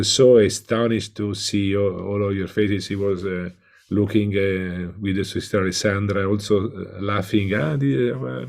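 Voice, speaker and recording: Italian male professor, low flat gravelly voice, halting delivery over an online call. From Italy. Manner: hesitant, many filler sounds. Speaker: professor, invited lecturer. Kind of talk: online welcome talk.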